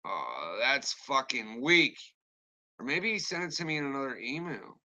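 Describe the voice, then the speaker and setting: A man's voice: medium pitch, very animated, normal speed, bright, forceful tone. A man ranting on a live stream and answering his chat, angry, rambling and swearing constantly. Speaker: livestreamer talking to chat.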